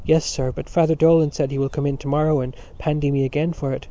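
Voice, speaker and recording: Nervous polite schoolboy, shaky little voice, man reading it, dark and mellow, muffled recording. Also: on the high side, flat delivery, quick pace, close to an everyday voice. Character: schoolboy, anxious and timid. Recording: dull lo-fi recording.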